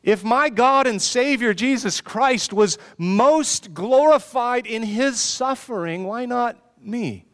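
A man's voice: very high voice, lively intonation, slow, hardly any pauses, fairly bright tone, clear, resonant tone. Earnest man preaching in a reverberant hall. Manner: earnest, pleading preaching with repeated rhetorical questions. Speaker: pastor. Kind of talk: sermon.

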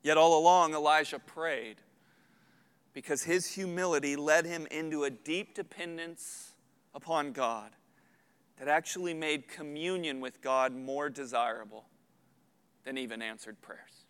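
Pastor guy preaching, bright clear voice, earnest, gets loud on big points, long hall echo. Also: fairly high pitch, a little slow. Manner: earnest, builds to loud emphatic peaks. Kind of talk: sermon.

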